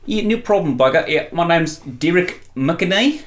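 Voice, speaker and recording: A man's voice: lively intonation, moderate pace, natural voice. A man improvising a proud, boastful male New Zealand crime boss with a put-on New Zealand accent in a comedy interview. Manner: chirpy, cocky, swoops up high on boasts.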